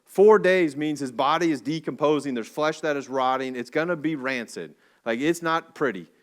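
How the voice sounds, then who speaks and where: A man preaching a sermon in a church, telling a story in a casual, animated way with slang and jokey asides. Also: on the high side, moderate pace. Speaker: pastor. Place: church sanctuary.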